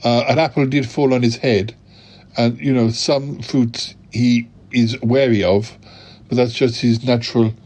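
A man's voice: mid-range voice, steady tone, unhurried, a little mellow, slightly rough. A man voicing a timid, fretful male sidekick who talks hesitantly and apologetically. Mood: nervous. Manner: hesitant, full of "oh dear" and "um".

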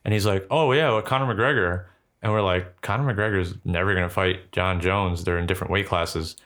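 A young man co-hosting a podcast in casual, profane chat, quick to laugh. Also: deep voice, fairly even intonation, fairly bright tone. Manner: loose and profane, laughs easily. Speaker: podcast co-host.

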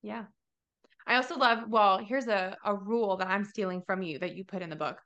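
Woman podcast host; bright, forceful tone, casual and rambling delivery. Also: mid-range voice, brisk, highs cut off. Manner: chatty, rambling, heavy use of "like". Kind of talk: casual faith podcast chat.

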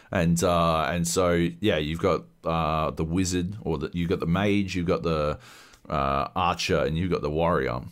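A man co-hosting a podcast in casual chat, rambling and swearing, full of fillers and restarts. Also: sits low. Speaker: podcast co-host. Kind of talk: casual chat about games.

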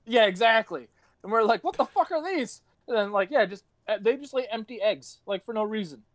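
High-voiced rambling young man. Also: fairly quick, no echo. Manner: rambling, swearing, laughing storyteller. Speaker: podcast host. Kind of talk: casual podcast chat.

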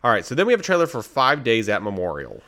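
A man co-hosting a casual chat about trailers, blunt, sarcastic and quick to dismiss. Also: medium pitch, huge pitch swings, bright, forceful tone. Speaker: podcast co-host.

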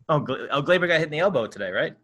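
A man's voice: on the high side, sharp tone, a little hiss or hum. A man co-hosting a podcast in casual chat, telling rambling stories with frequent laughs and swearing. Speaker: podcast co-host.

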